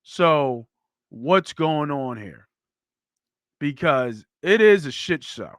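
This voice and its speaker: A man hosting a sports podcast, talking football in a blunt, animated way that swears freely. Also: on the high side, slow pace, dry recording, studio quality. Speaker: podcast host. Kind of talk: casual sports talk.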